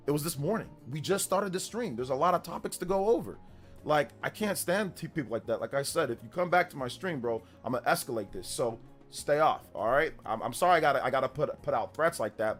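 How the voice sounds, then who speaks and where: A man hosting a casual livestream, ranting in exasperation about a troll and then apologizing. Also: medium pitch. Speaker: livestream host.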